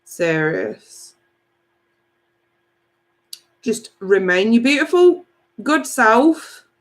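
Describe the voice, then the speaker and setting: Unhurried woman, tarot reader chatting live with viewers; giggly, casual swearing. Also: a little high, very animated. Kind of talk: live-stream chat reading viewer comments.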